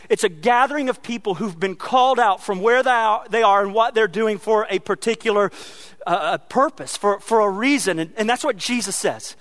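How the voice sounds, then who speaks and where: Male pastor preaching, very high voice, earnest, drawn-out emphasis, dry close sound. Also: a bit bright, dry recording. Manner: earnest, repeats words, slows down for emphasis. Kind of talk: sermon.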